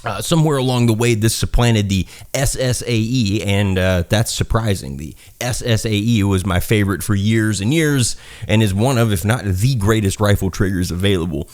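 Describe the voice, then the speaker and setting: A man's voice: on the low side, normal speed, darkish tone. A man with a Southern accent giving a casual product review, rambling, swearing and poking fun at himself. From South Carolina, US. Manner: rambling, profane, self-mocking, laughs at own jokes. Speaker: gun reviewer.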